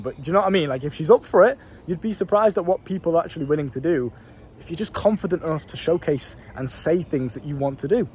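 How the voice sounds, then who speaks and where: Swearing freely and speaking bluntly, a young man who coaches dating on his vlog tells stories and hands out advice in a relaxed monologue to the camera. His voice runs a little high, with a darkish, slightly rough tone.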